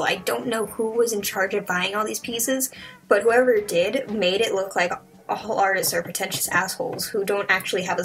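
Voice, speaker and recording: A young woman giving a casual, profane movie review, rambling and sarcastic, acting out the characters in quick voices. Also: mid-range voice, low-quality recording.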